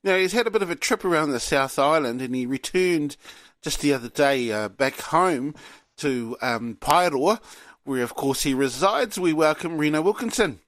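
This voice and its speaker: A man's voice: fairly high pitch, animated, normal speed, fairly bright tone, no echo. A man hosting a casual sports chat, with easygoing, sing-song introductions. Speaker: host.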